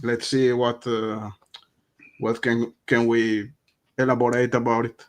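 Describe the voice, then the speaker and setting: Male host, mid-pitched voice, halting delivery with frequent hesitations. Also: little pitch movement. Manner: hesitant, many fillers. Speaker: interview host. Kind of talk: casual interview talk.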